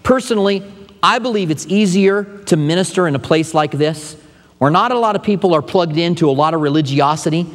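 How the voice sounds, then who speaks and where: Higher-voiced man preaching in a reverberant hall. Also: brisk. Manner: conversational preaching with asides to the congregation. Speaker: pastor. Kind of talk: expository sermon. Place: church sanctuary.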